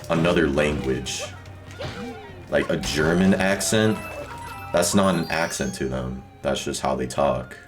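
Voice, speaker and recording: A young man streaming a speedrun, chatting loosely with viewers and filling his talk with "like". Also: very deep voice. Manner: rambling, full of "like" fillers. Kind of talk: casual chat with stream chat. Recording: loud game music behind voice.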